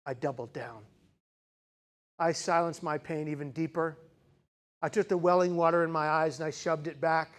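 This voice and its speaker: A man in his forties giving a personal storytelling speech as a keynote speaker, dramatic and shifting between loud intensity and hushed quiet. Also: a little high, fairly even intonation, moderate pace, long pauses. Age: 40s.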